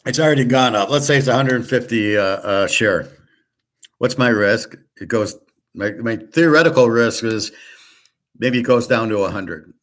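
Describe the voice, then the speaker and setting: Here a male host delivers a relaxed solo talk on markets and poker, his mid-range voice a little bright and moving at a moderate pace. Opinionated and sarcastic, he rambles, swears bluntly, keeps restarting, and tosses in sarcastic asides.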